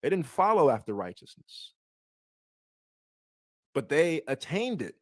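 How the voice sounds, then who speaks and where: A man's voice: fairly high pitch, very animated, a little slow. A man leading a bible study, reading scripture aloud and breaking off with rhetorical questions and frequent restarts. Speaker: bible teacher.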